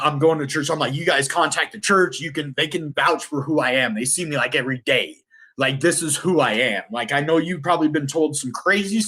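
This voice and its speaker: A middle-aged man speaking at an ordinary pitch as he tells a personal story in a vlog. He rambles, restarts and corrects himself. His tone stays earnest and heartfelt. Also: fairly bright tone. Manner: earnest and emotional. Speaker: vlogger telling his life story.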